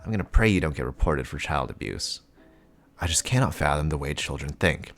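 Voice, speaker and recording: A man's voice: rumbling low, expressive, fairly quick, a bit bright, soft background music, voice pushed down, full character voice. A man voicing a stern male spy posing as a father, in clipped, earnest inner monologue. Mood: annoyed. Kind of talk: comic reading with voices.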